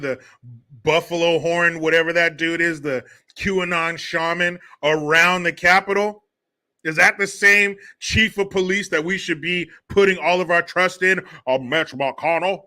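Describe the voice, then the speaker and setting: A man's voice: a little high, fairly even intonation, unhurried, sharp tone. A man hosting a livestream of political commentary, ranting in a profane, mocking way. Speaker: host.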